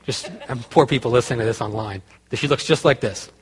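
A man preaching a conversational sermon, telling a story with restarts and growing quiet and earnest. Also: medium pitch, fairly quick, big-room sound. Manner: conversational, self-interrupting, grows quiet and earnest. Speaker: pastor.

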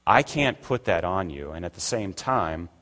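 A man's voice: deep voice, animated, normal speed, fairly bright tone. An older man preaching a conversational sermon as pastor, acting out the voices he quotes. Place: church sanctuary. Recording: long reverb of a church hall.

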